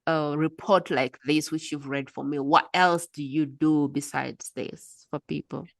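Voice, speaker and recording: A woman's voice: deep voice, steady tone, unhurried, gravelly, no echo, clean studio sound. A woman hosting a podcast interview, telling stories in a chatty way and murmuring along as she listens. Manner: chatty storyteller, frequent murmured mm's. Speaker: podcast host. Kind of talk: casual interview chat.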